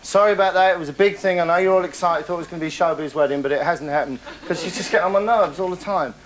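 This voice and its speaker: A man's voice: sits high, rapid-fire, slight background noise. Boastful rambling man. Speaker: comedy character host. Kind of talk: deadpan comic monologue.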